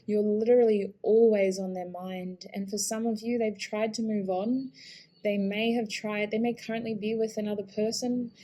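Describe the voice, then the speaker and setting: A woman giving an intuitive tarot reading, soft-spoken, earnest and emotional, often hesitant and restarting her sentences. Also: mid-range voice, little pitch movement, normal speed. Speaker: tarot reader.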